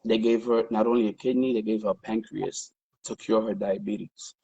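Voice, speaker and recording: A man as an interview guest, telling a story in an animated, profane, conversational way on a livestream. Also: fairly low pitch, normal speed, husky, dry recording, highs cut off.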